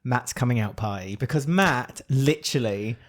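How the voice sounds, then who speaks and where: A man's voice: mid-range voice, moderate pace. A man co-hosting a podcast, chatting animatedly, laughing often and acting out quotes. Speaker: podcast co-host. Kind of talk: casual chat.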